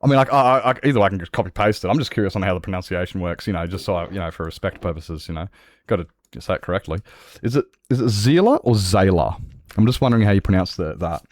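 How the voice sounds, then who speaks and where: A man's voice: deep voice, lively intonation, quick pace, dry recording. A man chatting casually on a gaming livestream, swearing freely and laughing often. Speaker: streamer.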